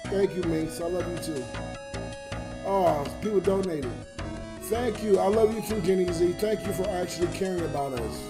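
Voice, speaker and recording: A man's voice: high voice, moderate pace. A drunk man livestreaming as a comedian, talking to his viewers in a raw, emotional rant. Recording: roomy echo with music behind.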